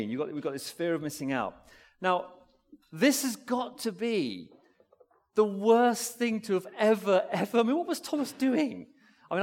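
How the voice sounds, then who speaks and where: A man giving a family-friendly sermon, asking the congregation questions and talking back and forth with them in a lively way. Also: sits high, normal speed. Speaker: preacher. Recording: long hall reverb.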